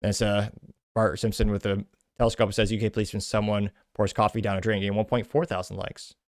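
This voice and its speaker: Fast-talking man hosting a commentary show. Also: lowish voice, little pitch movement, dry recording, clean studio sound. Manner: brisk, scornful commentary between read-out quotes. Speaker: podcast host. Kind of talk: reading out and commenting on social media posts.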